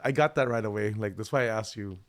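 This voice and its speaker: A man's voice: fairly low pitch, fast talker. A man hosting a music livestream, chatting casually and talking to his viewers in a friendly way. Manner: friendly, chatty, addresses the chat. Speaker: livestream host.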